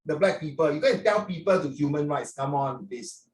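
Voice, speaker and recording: An older man with a Singaporean accent lectures his class, chatty and preachy, and his speech is full of local particles. His voice sits a little high for a man. He sounds set back from the mic in a roomy, echoey space. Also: lively intonation, a little fast, a little mellow. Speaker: teacher. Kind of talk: classroom talk to students. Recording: roomy echo, from far off.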